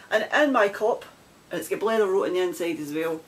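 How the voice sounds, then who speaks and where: A woman's voice: on the low side, poor audio. A middle-aged Scottish woman chatting casually to camera for her knitting video podcast, rambling and laughing as she goes.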